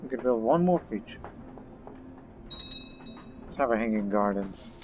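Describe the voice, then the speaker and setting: A man's voice: lowish voice, lively intonation, measured pace, a little mellow. A man giving casual, rambling commentary while playing a strategy game, thinking aloud as he goes. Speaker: let's play gamer. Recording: dull lo-fi recording with faint game music.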